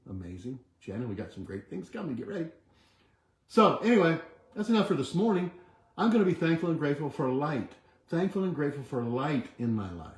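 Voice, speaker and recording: A man's voice: medium pitch, a little mellow. Encouraging man coaching affirmations, echoey room. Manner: encouraging, repetitive affirmations, coaching through movements. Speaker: chiropractor hosting a weekly wellness video. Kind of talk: motivational talk with guided exercise.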